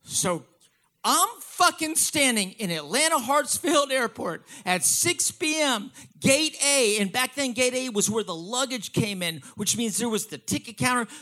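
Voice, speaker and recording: A man telling a profane stand-up story in an animated, excitable way. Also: extremely high pitch, normal speed. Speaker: comedian.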